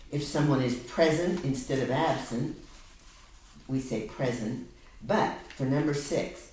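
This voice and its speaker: In an echoey room, far from the microphone, a woman tutors someone in reading one-on-one, patiently encouraging them and slowing to demonstrate words. Her voice is very deep and a little mellow, and a light hiss sits under it.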